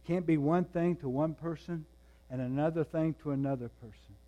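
A man preaching a sermon, moving between quiet, intense passages and raised, emphatic ones. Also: on the high side, fairly quick, muffled recording. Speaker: pastor.

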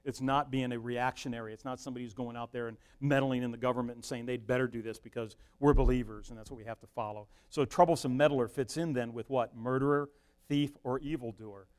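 A middle-aged man preaching a sermon as pastor, swinging from loud emphasis down to a near-whisper. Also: mid-range voice.

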